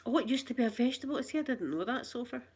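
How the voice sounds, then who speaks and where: A woman's voice: on the high side, lively intonation, racing, a little mellow, husky. A woman with a Scottish accent chatting casually to her viewers on a phone, rambling and laughing often. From Scotland. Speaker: channel host.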